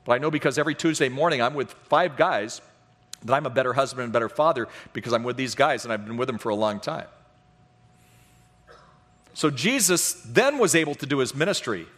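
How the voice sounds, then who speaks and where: A man's voice: on the high side, fairly quick. A middle-aged man preaching a sermon in a church, telling a funny story about himself and acting out the voices in it. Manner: animated, self-deprecating, acts out voices in his stories. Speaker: pastor. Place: church sanctuary. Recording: long hall reverb.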